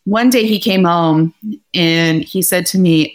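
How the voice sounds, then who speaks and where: A woman podcast host talks casually in a lowish voice, telling stories with energy and acting out the other voices in them. She keeps the tone relaxed and chatty. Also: takes it slowly. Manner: lively storyteller, acts out quoted dialogue. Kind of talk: casual conversation.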